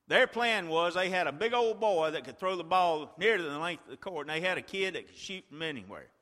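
A man preaching a sermon, retelling a story like a play-by-play and swinging from a hush to a shout. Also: high-pitched, lively intonation, a little fast, hardly any pauses, long reverb tail.

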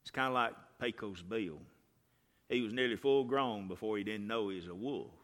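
A man preaching a sermon, telling folksy stories and swinging from hushed lines to loud ones. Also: on the low side, moderate pace. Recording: reverberant hall.

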